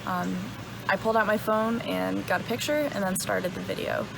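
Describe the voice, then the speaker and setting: A young woman casually retelling a story, relaxed and dotted with ums and uhs. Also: medium pitch, gravelly, background noise. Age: young adult. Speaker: hunter telling her story.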